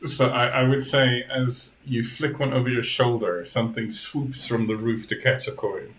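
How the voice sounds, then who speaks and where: A man narrating a tabletop game as game master, hesitant with many pauses and restarts. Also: mid-range voice, steady tone, a bit bright, roomy sound, a little hiss or hum, poor audio. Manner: hesitant, lots of ums and restarts.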